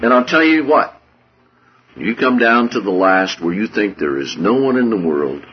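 A man preaching a sermon with a husky voice, swinging from hushed low passages to loud, high-pitched outbursts. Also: animated, normal speed, highs cut off.

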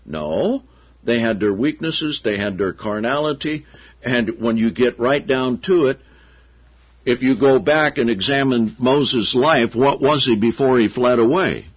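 A man preaching a sermon, telling stories with animated voices for the people he quotes. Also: mid-range voice, breathy edge. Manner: animated storytelling, acting out quotes. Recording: dull lo-fi sound.

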